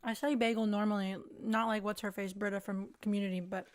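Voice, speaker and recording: A woman's voice: mid-range voice, level tone, fast, no room sound. Chatty woman streamer, close and dry. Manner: rambling, chatty, trailing off mid-thought. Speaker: livestream host. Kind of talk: casual livestream chat.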